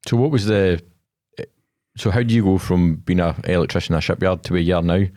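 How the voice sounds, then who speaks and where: A Scottish podcast host with a very deep voice who talks quickly. He chats casually, nudging his guest along with short questions, and his voice sounds dry and close. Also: a little mellow, dry recording. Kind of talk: casual interview chat.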